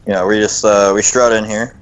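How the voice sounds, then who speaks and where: A man's voice: fairly low pitch, little pitch movement, a little fast, lo-fi sound, a little hiss or hum. A man playing a tabletop game, speaking hesitantly with many fillers. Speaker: player. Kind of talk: tabletop role-play.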